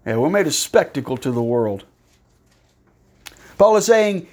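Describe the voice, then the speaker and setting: Animated preacher man, high voice. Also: measured pace, pauses often. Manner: animated, rhetorical questions, sarcastic mock-praise in raised pitch. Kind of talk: sermon.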